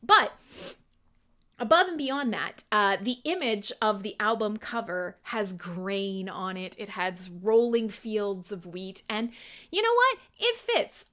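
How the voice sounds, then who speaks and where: A woman's voice: medium pitch, pushed and bright, clear, resonant tone. A woman hosting a live internet radio show, chatting casually with listeners, laughing often and swearing freely. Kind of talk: casual live-stream chat.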